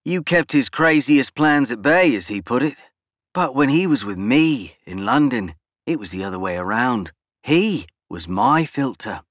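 A man's voice: animated, unhurried, fairly bright tone, no room sound, studio quality. A man voicing a brash, arrogant male politician who snaps out his words in a boastful, threatening way. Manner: snapping, boastful, raised pitch.

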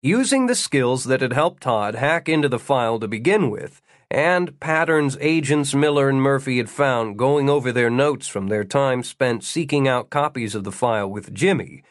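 A man reading a novel aloud as an audiobook narrator, in measured, wry storytelling. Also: medium pitch, no room sound, clean studio sound. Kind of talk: scripted narration.

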